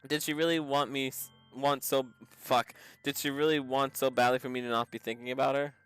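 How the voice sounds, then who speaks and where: A man streaming a story game, shouting jokey asides to his chat and swearing between readings. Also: mid-range voice, little pitch movement, brisk, clean tone, faint music behind. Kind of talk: live game commentary.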